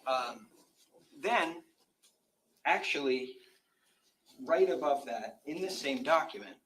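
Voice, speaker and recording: A man working as a trial attorney, cross-examining a witness in a courtroom with measured, methodical questions. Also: medium pitch, lively intonation, fairly bright tone, poor audio.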